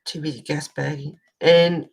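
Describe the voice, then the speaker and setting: A woman's voice: low-pitched, flat delivery, a little slow, gravelly, low-quality recording. An Australian woman hosting a colouring channel, telling a long rambling story in casual chat as she colours, swearing now and then.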